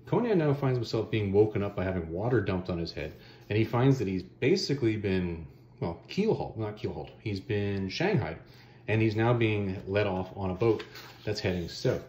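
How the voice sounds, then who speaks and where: A man with a fairly low, mellow voice that swings widely in pitch as he retells a comic story in a casual, slangy way. He throws in offhand asides. The sound is roomy and a little dull. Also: lively intonation, normal speed. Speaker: comic book reviewer.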